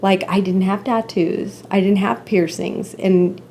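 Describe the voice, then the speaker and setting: A woman's voice: medium pitch, steady tone, measured pace, warm tone, a little hiss or hum. A woman in her forties, a podcast guest, talking openly and emotionally in a casual conversation. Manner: open, emotional, candid storytelling.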